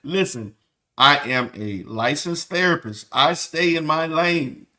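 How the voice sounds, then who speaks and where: A man mocks what he hears, his voice high and bright as it bounces up and down. He keeps laughing between exasperated lines. The talk is loose, profane reaction commentary. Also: animated, unhurried.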